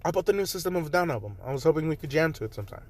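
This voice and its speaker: A man voicing a smooth-talking charming young man. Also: a little high, lively intonation, rapid-fire, far from the mic, close to an everyday voice.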